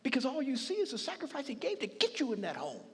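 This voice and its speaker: A man preaching a sermon as a bishop, telling the story dramatically, acting out quoted voices and dropping from loud passages to hushed ones. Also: very high voice, huge pitch swings, quick pace. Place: large hall used for church services. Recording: long reverb of a large hall.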